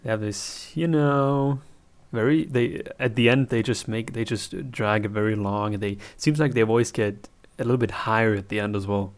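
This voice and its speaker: A man's voice: lowish voice, fairly even intonation, moderate pace. German-accented man reacting casually. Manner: chatty, thinking aloud with restarts. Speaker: reaction video host.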